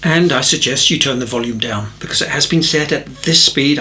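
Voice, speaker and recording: A bright, clear-toned man, middle-aged, talks through watercolour questions in an easygoing teaching manner. He pitches at an ordinary level and keeps it chatty, making light fun of himself as he goes. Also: fairly quick. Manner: chatty and self-deprecating, with gentle jokes. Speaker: watercolour tutor. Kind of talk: relaxed tutorial talk answering viewer questions.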